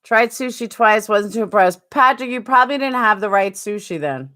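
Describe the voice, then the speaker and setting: A woman's voice: medium pitch, expressive, moderate pace, bright, forceful tone. A woman with a New York accent chatting casually on a live stream, answering viewers by name.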